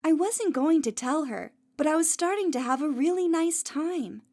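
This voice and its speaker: A woman's voice: high voice, expressive, normal speed, darkish tone. A woman narrating a first-person audiobook story in a light storytelling manner.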